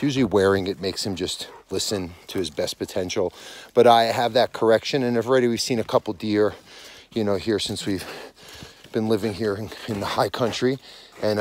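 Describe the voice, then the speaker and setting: A man's voice: on the low side, darkish tone. Breathless man talking on a walk. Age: 40s. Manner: rambling, self-correcting, conversational. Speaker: dog trainer and podcast host. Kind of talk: casual monologue while walking outdoors. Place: outdoors on a snowy mountain property at dusk.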